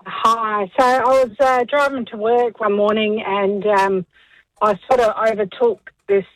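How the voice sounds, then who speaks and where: A woman's voice: medium pitch, fairly even intonation, unhurried, dry recording, low-quality recording. A woman calling into a radio show, telling her story in a cheerful, matter-of-fact way. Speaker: caller. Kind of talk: phone-in anecdote.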